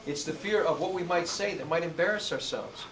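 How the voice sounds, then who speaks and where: Man coaching kids in an echoey room. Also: on the high side. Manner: call-and-response, drawn-out emphatic words. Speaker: motivational speaker for students. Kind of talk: motivational talk to a youth audience. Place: indoor room with students and adults. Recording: echoey room, distant mic, noisy.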